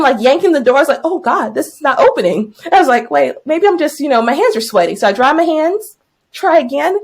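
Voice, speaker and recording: A young woman with a high, lively voice tells a story in casual podcast chat. She acts out her own cries and thoughts, and her pitch swings up and down as she talks. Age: young adult. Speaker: podcast co-host, teacher.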